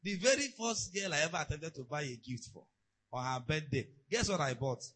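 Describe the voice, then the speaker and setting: A man preaching a sermon, telling stories and asides in an animated way. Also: a little high, brisk, husky, rough recording. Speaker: pastor.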